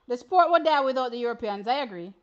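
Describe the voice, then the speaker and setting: A woman with a Jamaican accent hosting an animated live reaction stream about track races, excitable and exclamatory, with chatty asides to her viewers. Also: fairly high pitch, fast talker, highs cut off. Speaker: track and field stream host.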